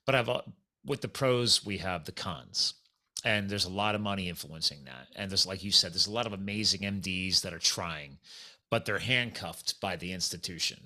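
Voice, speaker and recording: A man's voice: deep voice, moderate pace, sharp tone. A man from the United States hosting a podcast in casual chat, making emphatic points straight to his listeners. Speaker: podcast host.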